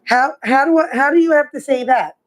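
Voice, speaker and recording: A woman's voice: high-pitched, a little fast, low-quality recording. A woman board member pressing questions in a meeting discussion, cutting in to get answers.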